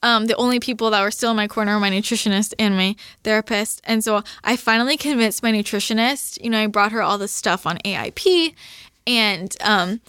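A young woman telling a personal story as a guest in a casual podcast chat, animated and swearing freely as she acts out her own quotes. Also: medium pitch, brisk, clean tone, no room sound, studio quality.

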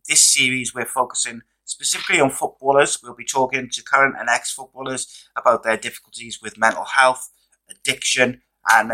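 Bright-voiced man hosting, voice going hoarse. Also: medium pitch, poor audio. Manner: relaxed, chatty, many fillers. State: losing his voice. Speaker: podcast host. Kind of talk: casual podcast interview.

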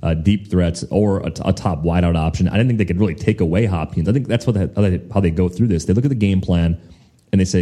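A man with a very low, dark voice hosts a fantasy football podcast. He talks in a measured, analytical way. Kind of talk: casual sports chat.

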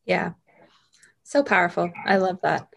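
Upbeat woman host with gravelly fry. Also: lowish voice, expressive, a little slow. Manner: upbeat, enthusiastic. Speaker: podcast host and health coach. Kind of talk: scripted intro then casual interview.

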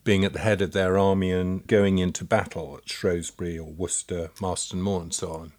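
A man with a very deep voice hosts a relaxed podcast conversation. He prompts his guest with questions. He also brings in examples of his own. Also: a little fast.

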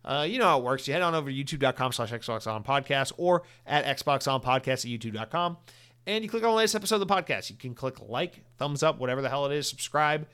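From his home office, a man hosts a solo gaming podcast, covering news and ending with an outro rant. Rambling and sarcastic, he swears freely as he mock-rants at listeners in a quick, lively, clean, fairly bright mid-range voice.

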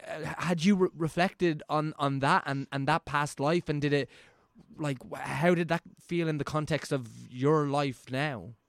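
A man's voice: on the high side, fairly even intonation, unhurried, dry recording. Rambling male interview host, dry sound. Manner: rambling, thinks aloud, lots of fillers. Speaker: podcast host. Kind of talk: casual interview chat.

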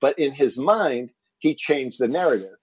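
Husky-voiced man telling a story. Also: mid-range voice, normal speed, no echo, poor audio. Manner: animated, acts out quoted family dialogue. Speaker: podcast guest. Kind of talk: personal storytelling in an interview.

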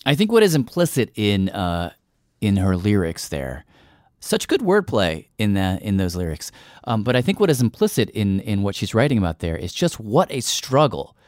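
A man's voice: on the low side, a little mellow, no echo, clean studio sound. A man hosting a podcast, speaking thoughtfully with some hesitation. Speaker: podcast host.

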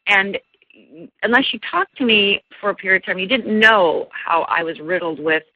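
A woman's voice: medium pitch, moderate pace, no echo, muffled recording. A middle-aged woman, a life coach, telling a personal story in an interview with earnest energy and many restarts.

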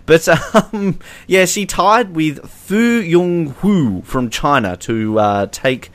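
A man's voice: a little high, animated, slow, fairly bright tone. Sarcastic Australian man chatting sport. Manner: sarcastic, mocks voices in quotes. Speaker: podcast co-host. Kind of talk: casual sports chat.

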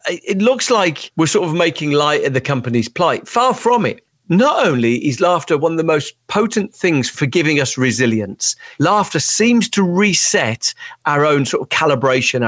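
A man's voice: fairly high pitch, a bit bright, dry recording. Middle-aged male guest, Birmingham accent, articulate, dry close sound. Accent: Birmingham English. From Birmingham, England. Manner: articulate, with small restarts. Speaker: author and guest. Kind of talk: conversational interview.

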